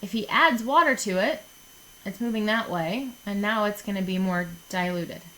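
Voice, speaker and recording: A woman's voice: medium pitch, normal speed, a bit bright, rough recording. A woman chemistry teacher recording a lesson for her students, chatty and jokey, often checking in with "okay?".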